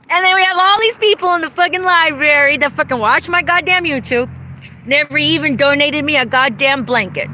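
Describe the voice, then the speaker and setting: Woman, high-pitched, angry profane rant, outdoor vlog, faint traffic behind. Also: animated, moderate pace, pushed and bright. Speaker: vlogger. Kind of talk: ranting vlog monologue.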